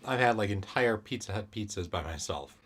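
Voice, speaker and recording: A man co-hosting an eating show, chatting casually and joking with quick remarks. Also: on the low side, animated, fairly bright tone, husky. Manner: quick, joking, laughs often. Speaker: co-host. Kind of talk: casual chat while eating.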